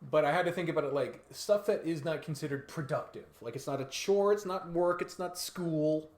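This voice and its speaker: A man's voice: on the high side, moderate pace, darkish tone. A young man co-hosting a podcast, chatting casually, joking around and swearing freely. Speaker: podcast co-host. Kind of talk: casual chat.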